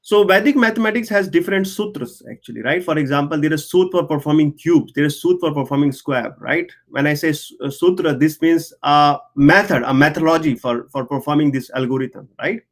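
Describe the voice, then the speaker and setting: A man with a high voice explains ideas patiently in a conversational interview. He keeps checking in with his listener by asking "right?" and repeats points as he goes. He talks like an engineer who is walking someone through a method. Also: brisk, hardly any pauses. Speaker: guest, engineer and researcher.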